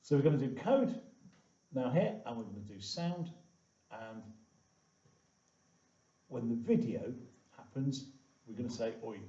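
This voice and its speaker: Guy walking through a coding tutorial, lively up-and-down voice, dull far-off room mic. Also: medium pitch. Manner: chatty, frequent "all right" and "okay". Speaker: coding teacher. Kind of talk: screen-recorded coding tutorial. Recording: echoey, distant, dull lo-fi room sound.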